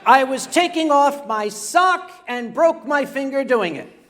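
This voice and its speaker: An older man with a notably high voice tells a funny tale live on stage before a convention crowd. He stumbles over his words, repeats himself and breaks off for joking asides to the audience. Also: animated, measured pace, background noise. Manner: comic, stammering, chatty asides to the audience. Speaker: storyteller.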